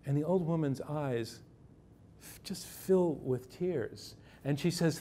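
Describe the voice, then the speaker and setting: A man, a journalist, telling a true first-person story on stage with measured pacing, dramatic pauses and dry irony. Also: on the high side, mellow, a little hiss or hum.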